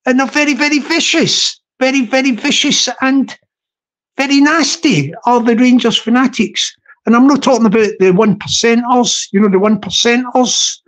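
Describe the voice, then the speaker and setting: A man's voice: very high-pitched, normal speed, fairly bright tone. Rambling man hosting a casual live stream, repetitive, laughs at own jokes. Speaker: livestream host.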